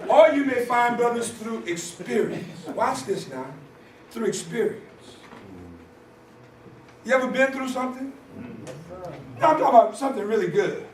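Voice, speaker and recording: A man telling a story as a conference speaker, sermon style, animated and often shouting for emphasis. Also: very high voice, moderate pace, pauses often, a little hiss or hum. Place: church conference hall. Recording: echoey hall from far off.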